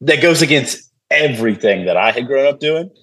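Here a podcast guest with a medium-pitched voice speaks at a normal pace, trading stories in easygoing conversation. He's lively and mimics the voices of anyone he quotes.

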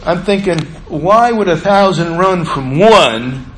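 Male pastor preaching, high-pitched, swings from emphatic to hushed, faint noise in the room. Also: lively intonation, slow, rough recording. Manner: preaching with emphatic rises and hushed low drops. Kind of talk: sermon.

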